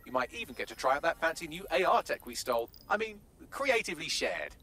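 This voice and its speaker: A wry resistance handler. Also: male voice, a little high, very animated, quick pace, bright, forceful tone, exaggerated voice. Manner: dry, wry asides. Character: wry male resistance ally giving missions.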